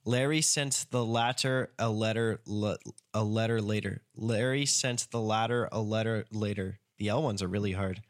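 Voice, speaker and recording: A man's voice: fairly low pitch, steady tone, moderate pace. A man co-hosting a casual podcast, reading tongue twisters aloud and coaching his partner through them. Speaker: podcast co-host leading the exercises.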